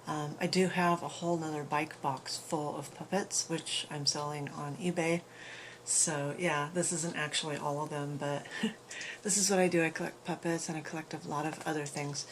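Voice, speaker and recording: A woman's voice: low voice, a little hiss or hum. A woman showing off her puppet collection at home in a casual, upbeat show-and-tell chat, rambling along with fillers. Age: adult parent. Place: home room full of collectibles.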